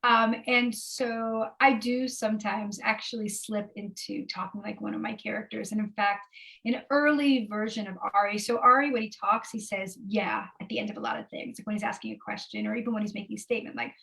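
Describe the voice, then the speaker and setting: A woman author answers interview questions over a remote video call in casual, chatty interview talk, with frequent fillers and asides. Her voice is mid-range and gravelly with a fairly bright tone, fairly even intonation and a fairly quick pace. The audio quality is poor.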